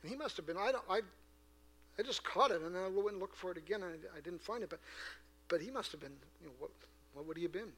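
Male pastor, raised pitch, bright tone, earnest sermon in church with big swings in loudness. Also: lively intonation, quick pace, husky. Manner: earnest, swings from hushed asides to loud emphatic preaching; asks the congregation rhetorical questions. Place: church before a congregation.

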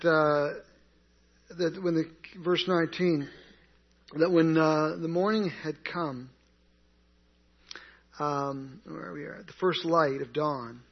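A man teaching an interactive Bible class in a conversational way, asking the group questions and answering them himself. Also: a little high. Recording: dull lo-fi recording.

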